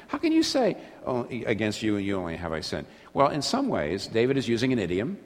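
Guy preaching a sermon, kinda low voice, long echoey hall reverb, earnest, keeps restarting his sentences. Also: wildly swooping pitch, brisk, few pauses. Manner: earnest, restarts phrases, swings between rising intensity and quiet low emphasis.

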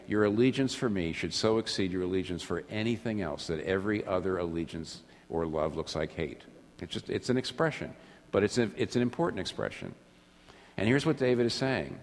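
A man preaching a sermon, earnest, often restarting phrases, swinging between rising intensity and quiet, low emphasis. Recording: long reverb of a hall.

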